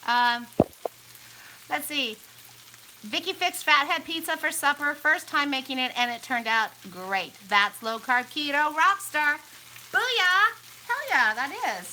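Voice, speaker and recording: A woman's voice: sits high, lively intonation, unhurried, pushed and bright. A woman hosting a casual home cooking vlog, chatting bubbly to her viewers as she cooks. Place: home kitchen. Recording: noisy kitchen with sizzling pan. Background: frying and sizzling food.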